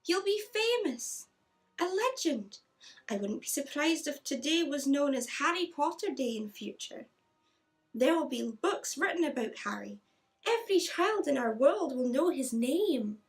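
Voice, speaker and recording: A woman's voice: high-pitched, big pitch swings, measured pace, voice pushed up, full character voice. A woman putting on a solemn Scottish witch. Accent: put-on Scottish. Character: stern older Scottish witch, proud and solemn.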